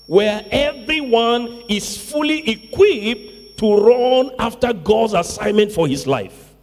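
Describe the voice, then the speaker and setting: A pastor with a high, slightly mellow voice preaches a sermon, stressing key words and repeating phrases while calling out to the congregation. The recording, made in a church sanctuary, carries long church reverb.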